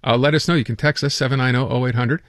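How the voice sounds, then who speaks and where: A man hosting a radio show in casual chat, quick and full of fillers. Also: medium pitch, fairly even intonation, no room sound, studio quality. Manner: quick, chatty, with many fillers. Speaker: radio host.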